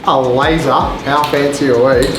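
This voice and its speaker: A man's voice: mid-range voice, steady tone, measured pace. A man hosting a renovation vlog, explaining the work in a chatty, joking way, inside a kitchen being rebuilt. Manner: chatty, joking, loose with fillers. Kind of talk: casual on-site explanation. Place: indoor kitchen under renovation. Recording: echoey room with loud music behind.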